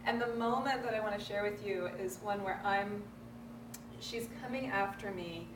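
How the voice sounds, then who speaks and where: A woman's voice: mid-range voice, moderate pace, noisy background. A middle-aged woman hosting a parenting workshop, telling personal stories earnestly to a live group. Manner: earnest, personal storytelling with laughs. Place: room with an audience. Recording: echoey room, voice from a distance.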